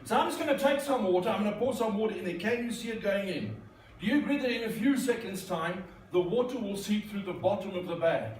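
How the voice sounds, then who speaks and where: Speaking quickly in a high voice with lively intonation, a corporate speaker and magician jokes through a conference keynote, doing magic tricks and teasing the audience he playfully addresses. Slight background noise mixes with the echo of a large hall, recorded from a distance.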